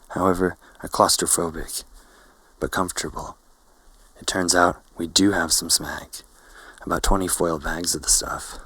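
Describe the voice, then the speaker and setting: A man narrating a novel in first person, in a slow, hazy, poetic way. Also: sits low, pushed and bright, breathy edge, dry recording, poor audio.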